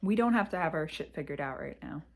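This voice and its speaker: A woman speaking in a candid confessional vlog from her parents' house, reflective and halting, with sighs and pauses, close to tears. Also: sits low, animated, vocal fry. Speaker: vlogger.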